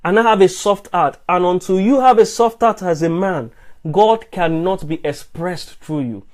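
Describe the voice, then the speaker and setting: A man's voice: sits high, normal speed, darkish tone. A man preaching a sermon during a live stream, earnest and repetitive, often restarting his words.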